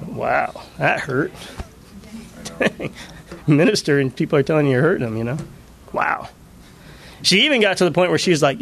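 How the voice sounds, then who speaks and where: A male pastor preaching a sermon, telling personal stories in an animated way and laughing often. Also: on the high side, a little slow, vocal fry, long pauses. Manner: animated storytelling with frequent laughter.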